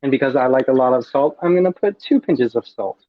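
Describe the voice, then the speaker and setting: A man's voice: mid-range voice, lively intonation, fairly quick, no echo, dull audio. A man giving a campy, chatty cooking demonstration over a video call, savoring each bite aloud. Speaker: drag performer cooking on a livestream.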